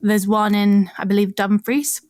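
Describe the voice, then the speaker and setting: A woman's voice: mid-range voice, level tone, measured pace, a little mellow, no room sound, clean studio sound. A woman co-hosting a podcast, explaining archaeology in casual chat and laughing often.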